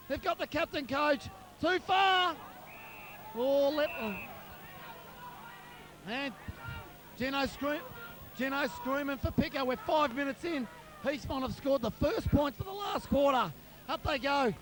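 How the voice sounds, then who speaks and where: A man with a very high voice gives rapid play-by-play of a local footy match, naming players as the ball moves. He calls from outdoors at a suburban ground, captured on amateur video with traffic noise behind. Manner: quick play-by-play, rising excitement. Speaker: club commentator. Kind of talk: amateur football commentary.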